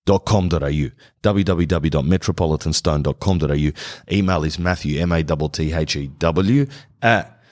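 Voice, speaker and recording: Speaking at a moderate pace in a very deep, darkish voice, a male podcast host wanders through a slangy, comic monologue before reading an ad.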